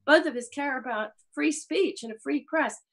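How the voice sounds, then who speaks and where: Woman, a little high-pitched, passionate, rambling, casual online talk. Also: moderate pace, low-quality recording. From grew up on film sets. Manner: rambling, earnest, swears and laughs it off. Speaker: panelist in a live online discussion.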